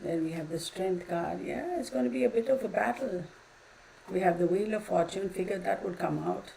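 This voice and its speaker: A woman's voice: on the low side, normal speed, vocal fry, warm tone, slight background noise, rough recording. A woman, reading tarot cards on her channel and ranting her opinions in a blunt, profane, heated way. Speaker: tarot reader.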